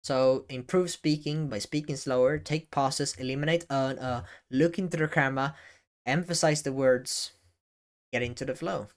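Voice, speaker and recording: A man talking to the camera in a casual advice vlog, often halting and correcting himself as he goes. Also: medium pitch. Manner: halting, self-correcting, varies emphasis. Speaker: YouTube creator. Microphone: camera facing speaker.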